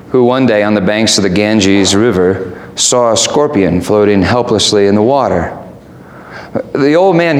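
A man preaching a sermon in an emphatic, rhetorical way. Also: mid-range voice. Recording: echoey room with faint ambience.

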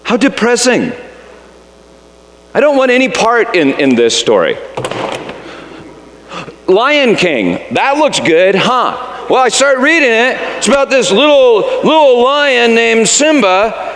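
A man's voice: extremely high pitch, very animated, takes it slowly, pauses often, a bit bright, slight background noise. A man giving a storytelling sermon, reading aloud dramatically, often stumbling and repeating words. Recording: long reverb of a large hall.

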